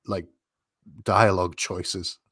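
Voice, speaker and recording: Male co-host, lower pitch, dry sound, analytical and musing. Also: little pitch movement, a bit bright, slightly rough, no room sound. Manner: musing, analytical, with thinking pauses. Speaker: podcast co-host. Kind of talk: casual chat.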